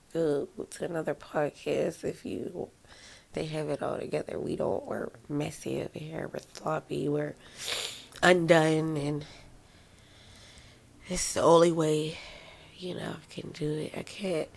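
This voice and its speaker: A woman hosts her own podcast in a raw, heartfelt monologue, still tearful from crying and mocking herself as she goes. Her voice is husky and gravelly, sitting a little low, and she talks slowly with long pauses. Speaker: podcast host. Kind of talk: emotional personal podcast monologue.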